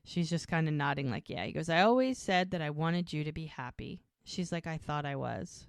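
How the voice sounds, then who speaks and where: A woman with a lowish voice talks through a TV episode on her podcast, retelling each scene and quoting the characters' lines as she goes. The sound is close and dry, with no room around it. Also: lively intonation, a little fast, vocal fry, few pauses, clear, resonant tone, no room sound. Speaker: podcast co-host. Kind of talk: casual recap of a TV episode.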